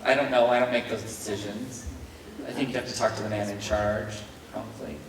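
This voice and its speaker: A man's voice: on the low side, steady tone, a little fast, a crowd in the background. A man answering fan questions at a convention panel, rambling and self-deprecating with frequent chuckles. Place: large convention hall. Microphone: handheld mic, heard from a distance. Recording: echoey hall from far off, noisy.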